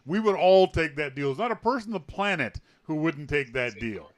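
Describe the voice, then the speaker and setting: Man, podcast host, high voice, very lively, playful, laughs a lot, dry close sound. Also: moderate pace, no room sound. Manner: laughs often, playful teasing. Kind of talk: casual banter with a guest.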